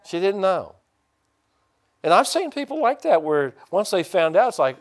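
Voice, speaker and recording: A man's voice: normal speed, long pauses. Folksy rambling man preaching. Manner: folksy, rambling, with many restarts; swings up high and loud when excited. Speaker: pastor. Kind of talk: sermon.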